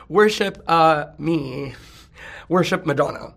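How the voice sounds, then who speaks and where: Campy gravelly man gossiping. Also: on the high side, unhurried, a bit bright. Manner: campy, rambling, sings snatches and laughs often. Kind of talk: casual celebrity gossip chat.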